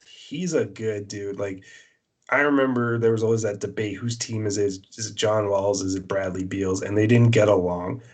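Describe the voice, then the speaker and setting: A man co-hosting a podcast, giving blunt, opinionated sports takes in casual chat with a Canadian accent, often pausing on "uh" and "um". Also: on the low side, fairly even intonation, a little mellow. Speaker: podcast co-host.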